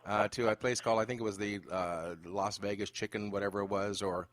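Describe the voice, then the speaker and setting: A man hosts a podcast, spinning an animated story with plenty of fillers. His voice sits low and the sound is dry and close, with no room around it. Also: brisk, no echo. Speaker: podcast host. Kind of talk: casual interview chat.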